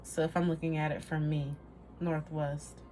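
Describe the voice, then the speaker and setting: A woman's voice: low-pitched, level tone, moderate pace, a little mellow, a little hiss or hum. A woman giving a casual tarot reading to camera, rambling, trailing off and laughing at herself. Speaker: tarot reader.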